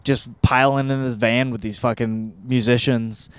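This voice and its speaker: A man's voice: medium pitch, steady tone, a little slow, clean tone, dry recording. A man in his thirties from Michigan, hosting a podcast and reviewing a book in a rambling, profane, self-deprecating monologue. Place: California.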